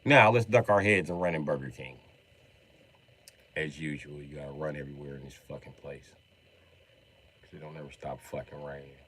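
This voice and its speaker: A man from Illinois ranting on a livestream in a profane, exasperated, comedic way, acting out quick mock quotes. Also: extremely low pitch, fairly bright tone, husky.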